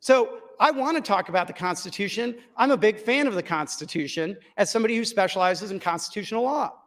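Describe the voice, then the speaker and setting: A man's voice: sits high, expressive, fast talker. A man losing his voice, giving a firm, lawyerly floor speech in a legislative chamber and repeating his key points. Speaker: state senator in floor debate.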